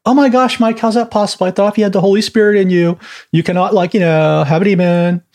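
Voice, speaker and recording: A man mimicking a shocked, indignant churchgoer in a high, gasping voice of mock outrage. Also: fairly even intonation, fast talker, darkish tone. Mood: incredulous.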